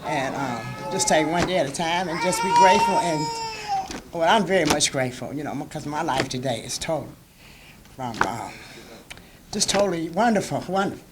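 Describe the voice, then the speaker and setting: A woman's voice: low voice, expressive, moderate pace. A woman graduate speaks emotionally, laughing through tears, at a courtroom ceremony. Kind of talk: ceremony speech. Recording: noisy courtroom.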